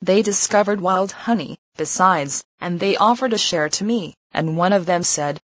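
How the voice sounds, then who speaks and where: A woman reading a religious text aloud in a measured, solemn narration. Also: fairly low pitch, no room sound, poor audio. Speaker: reader.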